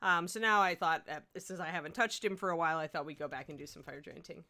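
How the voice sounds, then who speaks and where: A woman's voice: fairly low pitch, quick pace, sharp tone. A young woman hosting a casual livestream, chatty and laughing, a little sleepy after a broken night. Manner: chatty, laughing, talks to her dog between remarks. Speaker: host. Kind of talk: casual livestream chat while painting miniatures.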